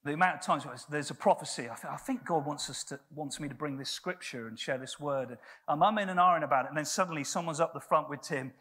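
A man's voice: on the high side, fast talker, few pauses, bright, forceful tone. A man preaching a sermon in a church, telling stories in a conversational way with frequent restarts.

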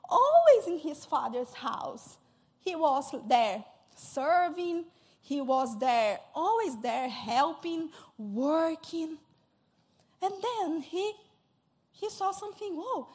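A woman preaching a sermon in a halting, earnest way, often repeating and restarting her words. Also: high-pitched.

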